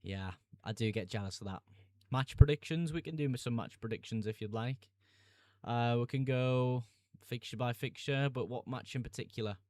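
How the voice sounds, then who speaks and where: A man's voice: medium pitch, moderate pace, a little mellow, dry recording, studio quality. A young man streaming live, chatting casually, laughing easily, and answering viewer comments about fantasy football picks.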